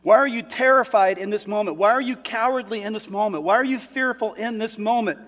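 A man delivering a sermon as pastor, moving between quiet reflective passages and loud, emphatic preaching. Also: sits high, brisk. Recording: dull sound with long hall reverb.

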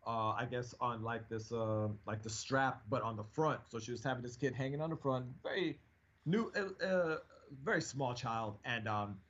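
A man's voice: mid-range voice, moderate pace. Casual male host, storyteller, does voices for quotes, muffled recording. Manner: animated, acts out quotes in raised voices. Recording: dull lo-fi sound.

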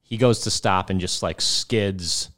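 A man's voice: sits low, a little slow, a bit bright. A man, a podcast host, telling a funny story and laughing as he goes. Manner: laughs through his own punchline. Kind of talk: casual storytelling.

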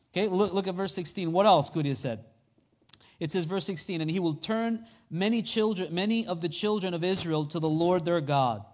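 A man's voice: high-pitched, a little fast. A man preaching a sermon in a conversational way, often asking his listeners questions. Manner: conversational, asks the congregation questions.

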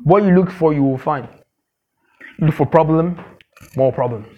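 Male pastor, high voice, emphatic sermon with repeated refrains, muffled low-fidelity recording. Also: measured pace. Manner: emphatic, repeats key phrases, asks the congregation questions; acts out gossip in a mocking squeaky voice.

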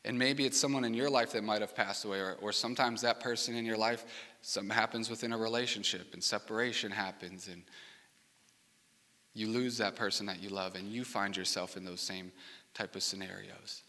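A man's voice: lowish voice, fairly even intonation, brisk, bright, forceful tone, big-room sound. A young adult man preaching a sermon as pastor, in a personal, conversational way with heartfelt asides, from a church stage.

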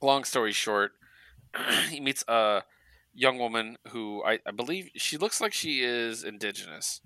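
A man co-hosting a podcast, recapping comic books in casual chat as an animated storyteller who laughs often. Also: medium pitch, measured pace, dry recording. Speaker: podcast co-host.

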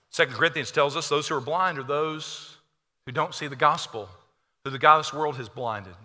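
Impassioned preacher man in a reverberant hall. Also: sits high. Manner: impassioned, swinging from loud to hushed. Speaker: pastor. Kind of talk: sermon. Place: church sanctuary.

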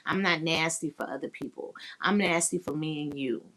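A woman's voice: low-pitched, normal speed, fairly bright tone. A woman hosting a podcast and chatting casually with listeners, talking in a blunt, explicit, candid and playful way. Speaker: podcast host. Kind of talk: frank casual live chat.

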